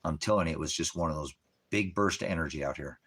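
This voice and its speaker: A man's voice: very deep voice, fast, fairly bright tone, slightly rough. A man who leads a ministry, talking to viewers in a casual livestream, rambling, profane and emphatic. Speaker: ministry leader.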